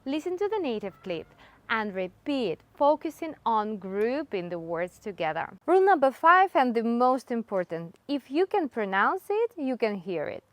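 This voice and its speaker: A woman whose first language is Spanish narrates an English lesson, slowing down to demonstrate phrases with emphasis. Her voice is fairly high and very lively, recorded dry and close. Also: dry recording. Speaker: English teacher.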